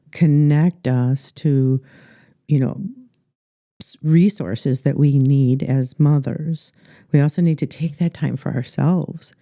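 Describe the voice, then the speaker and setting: A middle-aged woman with an Upper Midwest American accent, a life coach telling her story earnestly in a podcast interview, halting with many fillers. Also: rumbling low, dark tone, no echo, clean studio sound.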